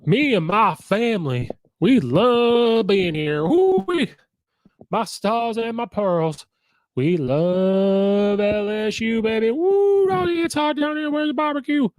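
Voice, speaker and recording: A man's voice: high-pitched, expressive, slow, darkish tone, no echo, voice pushed up. A man putting on a hammy fake Southern US accent, whooping in an exaggerated folksy manner.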